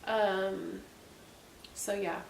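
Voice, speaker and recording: Extremely slow and gravelly, a woman's medium-pitched voice holds a steady tone as she co-hosts a casual faith-based conversation in her forties. She's a warm, chatty storyteller who uses many ums. Faint hiss and echo from a distant mic color the recording.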